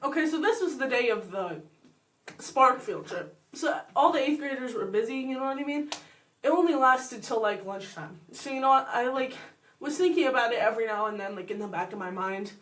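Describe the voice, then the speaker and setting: A woman's voice: fairly high pitch, animated, a little fast, fairly bright tone, far from the mic. Chatty teenage girl, off mic. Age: teens. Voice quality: chatty, lots of likes and you-knows. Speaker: co-host. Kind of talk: casual storytelling.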